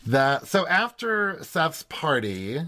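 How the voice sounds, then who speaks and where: A man hosting a casual recap podcast, summarizing in a dry, steady way with small laughs. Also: a little high, slow pace. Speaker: podcast host.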